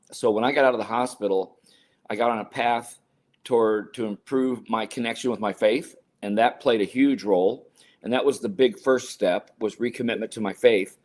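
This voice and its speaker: A man in his sixties, a podcast guest telling personal stories in an interview and acting out the quoted lines with lively energy. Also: fairly low pitch. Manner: animated storyteller acting out quotes. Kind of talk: storytelling interview.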